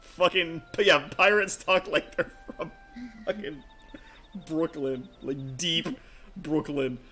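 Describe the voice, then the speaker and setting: Excitable swearing man streamer. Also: on the high side, slow, faint music behind. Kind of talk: casual gaming stream chat.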